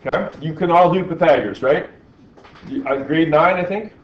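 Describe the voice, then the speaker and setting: A man's voice: fairly high pitch, fairly quick, highs cut off. A male teacher in a classroom, talking through problems and asking the class questions as he works. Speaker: physics teacher.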